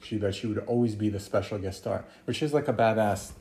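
A man's voice: fairly low pitch, a little fast. Man musing casually in an echoey room. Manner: relaxed, hesitant, thinking aloud. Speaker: podcast co-host. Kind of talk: casual chat, beer tasting.

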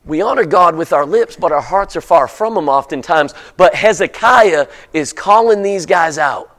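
A man preaching a sermon in a church, emphatic and repetitive, building up to shouts. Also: a little high, animated, normal speed. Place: church sanctuary.

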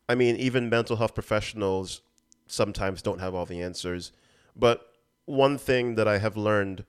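A man's voice: on the low side, clear, resonant tone. A man hosting his own podcast, talking earnestly and casually with lots of "you know" fillers. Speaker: podcast host. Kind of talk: casual solo podcast talk.

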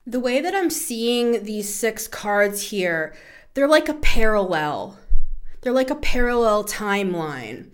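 Woman, 30s, tarot podcast host: animated, chatty, playful, quick to laugh. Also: medium pitch. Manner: chatty, laughing, swears freely; animated, shifts into playful voices. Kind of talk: casual spoken tarot reading.

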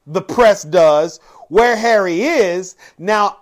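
A man with a high voice hosts his podcast in a loose, casual monologue. He takes his time overall, stretching key phrases out slowly and punching them hard, then rushing through little asides. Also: animated. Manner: dramatic, swings from quick asides to slow drawn-out emphatic phrases. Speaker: podcast host.

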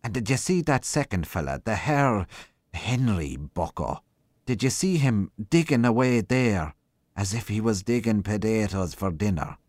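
A man reading aloud, voicing a talkative young country policeman who marvels out loud at what he has seen. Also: on the low side, big pitch swings, a little slow, no room sound, studio quality, pitched above the performer's own voice. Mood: marvelling. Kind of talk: reading a short story aloud.

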